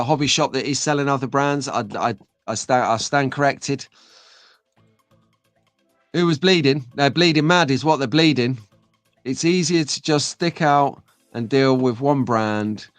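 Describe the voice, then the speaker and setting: In a mid-range voice without any echo, a middle-aged live stream host talks casually and at length. He reads his viewers' comments aloud as they come in.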